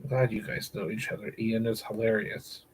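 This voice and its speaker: A man's voice: on the low side, little pitch movement, normal speed, a little hiss or hum, rough recording. A man hosting a casual livestream, chatting with viewers and repeating words over and over for crude, silly jokes. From United States. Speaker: livestream host.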